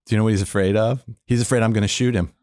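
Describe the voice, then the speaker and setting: A man's voice: lowish voice, racing, no echo, studio quality. A man, a former police officer, telling a long story as a podcast guest, acting out the people in it and laughing now and then. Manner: animated storyteller who acts out the people he quotes; laughs often while telling. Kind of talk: storytelling interview.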